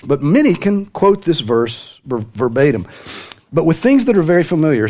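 A man's voice: mid-range voice, darkish tone. A man preaching a sermon to a congregation, with light humor and sudden rises in his voice for emphasis. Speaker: pastor.

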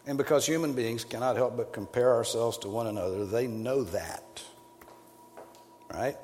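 A male preacher giving a sermon, emphatic, rising to loud peaks and then dropping low. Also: moderate pace. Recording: long hall reverb, faint ambience.

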